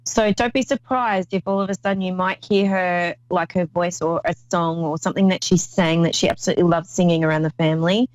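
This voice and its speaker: A woman's voice: fairly low pitch, fairly even intonation, a little fast, few pauses, dry recording, dull audio. A woman hosting a call-in psychic reading show, talking in an effusive, rambling way with many restarts. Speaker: psychic medium host.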